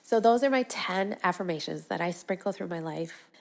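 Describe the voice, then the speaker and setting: A woman hosting a solo podcast, earnestly sharing affirmations, often dropping to a soft near-whisper as she repeats them and checking in with "okay?" and "right?". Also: lowish voice, moderate pace, vocal fry. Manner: speaks in short phrases with frequent "okay?" and "right?". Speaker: podcast host.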